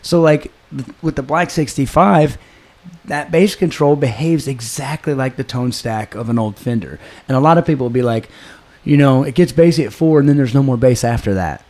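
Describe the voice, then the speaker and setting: A man's voice: mid-range voice, normal speed, darkish tone. Man, podcast host, casual chat, rambling, laughs a lot.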